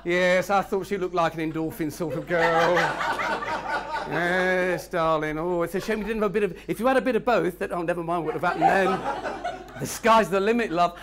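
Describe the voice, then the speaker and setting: A man with a high voice runs a live networking workshop in a meeting room, speaking at a moderate pace. He's cheeky and full of jokes, teasing his audience, and the recording is very noisy.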